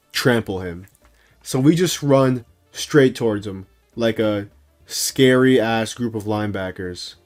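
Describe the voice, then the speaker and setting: Hyped young man telling a funny story. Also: medium pitch. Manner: hyped, jokey, talks straight to the viewers. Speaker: storytime video creator. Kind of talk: comedic storytelling.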